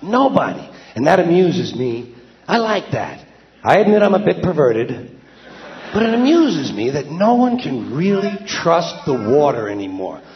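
Sardonic stand-up man, high lively voice, slightly dull lo-fi sound. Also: measured pace. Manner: wry, conversational, sardonic. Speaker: stand-up comedian. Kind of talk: stand-up monologue. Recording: dull lo-fi with faint ambience.

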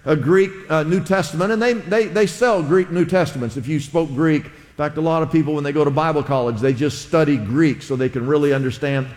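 A pastor giving a sermon in a conversational style, often asking the congregation to repeat words back. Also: male voice, fairly high pitch, brisk, few pauses, a little mellow. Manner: conversational preaching with audience call-and-response. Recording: long hall reverb.

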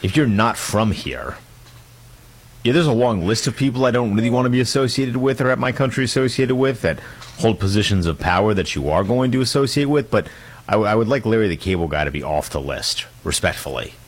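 Male radio co-host, dry and measured, low voice. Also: animated, husky. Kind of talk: sports talk radio.

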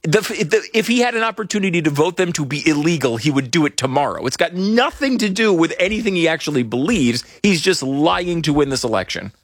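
A chuckling man hosts a casual political chat, rambling and restarting as he goes. His mid-pitched voice is very animated, and the sound is dry and close. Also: brisk, few pauses, no room sound. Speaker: podcast host.

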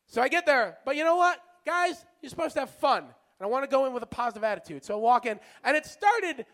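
A man telling stand-up stories, self-mocking, swinging between loud and soft delivery. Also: very high-pitched, expressive, fast, few pauses. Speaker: stand-up comic. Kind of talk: stand-up storytelling.

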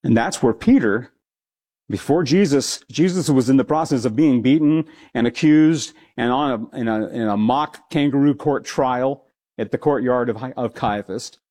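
A man's voice: mid-range voice, normal speed, a little mellow. A man, a pastor, teaching a Bible passage in a conversational sermon, with frequent asides and restarts. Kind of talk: expository sermon.

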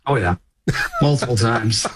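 A man from Minnesota, a restaurant owner, giving easygoing, slightly halting answers in a radio interview. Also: mid-range voice, noisy background.

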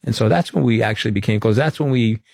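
A middle-aged man with a fairly low, fast, gravelly voice carrying a breathy edge appears as an interview guest, telling stories conversationally. He's an animated storyteller who acts out the quoted dialogue, recorded dry in studio quality.

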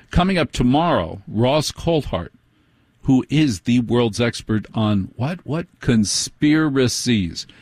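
A man's voice: mid-range voice, a little mellow, dry recording. A man hosts a late-night radio show, talking in a chatty, wry way with playful asides. His voice sits in the middle range and sounds close and dry, with no room around it.

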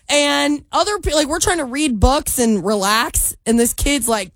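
A woman's voice: high voice, moderate pace, hardly any pauses, dry recording. A young woman in her twenties, co-hosting a morning radio show and telling a story in a chatty way with fillers and giggles. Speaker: radio co-host. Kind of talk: casual morning radio chat. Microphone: studio microphone.

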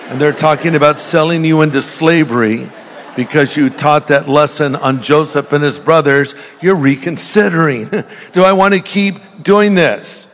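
Older pastor, joking sermon, echoing hall. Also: male voice, fairly high pitch, normal speed, a bit bright, slight background noise. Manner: joking storyteller, direct with the congregation. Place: church. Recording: long reverb of a large hall.

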